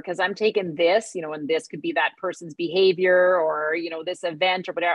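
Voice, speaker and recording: A woman speaking as a guest in a casual podcast conversation, upbeat and energetic, acting out other people's reactions as she talks. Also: on the low side, fast, hardly any pauses, no echo.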